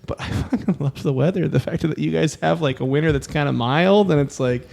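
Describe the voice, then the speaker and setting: A man co-hosting a podcast, riffing excitably and laughing often in casual chat. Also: a little high, brisk, vocal fry. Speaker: podcast co-host. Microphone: podcast microphone.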